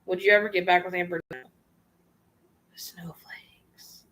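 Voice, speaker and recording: A woman's voice: lowish voice, flat delivery, very fast, a bit bright. A woman vlogger casually reading out viewer questions and answering them frankly in a chatty, slangy way. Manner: reads viewer questions aloud and answers offhand. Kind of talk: casual livestream Q&A.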